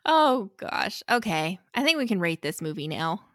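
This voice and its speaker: A woman co-hosting a casual movie chat, easygoing and friendly, who gently teases her partner. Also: mid-range voice, sing-song, moderate pace, no room sound, studio quality. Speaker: podcast co-host.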